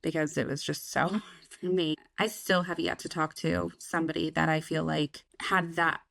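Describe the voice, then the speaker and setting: Another candid stretch from the young podcast co-host, who swears without restraint and reenacts her own earlier thoughts in different voices. This time she sounds deep, gravelly and flat, at a normal speed, with a fairly bright tone and no echo.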